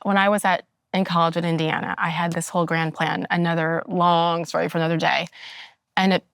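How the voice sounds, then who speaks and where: Low-voiced woman hosting an interview. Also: level tone, fairly quick, gravelly, fairly bright tone, clean tone, no room sound, clean studio sound. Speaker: host. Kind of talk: conversational interview.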